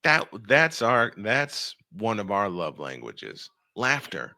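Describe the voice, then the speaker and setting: A man hosting a radio show, telling a funny story in casual chat, animated and laughing often. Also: lowish voice, no echo. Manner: animated, laughing, quick bursts of speech. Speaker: radio and podcast host.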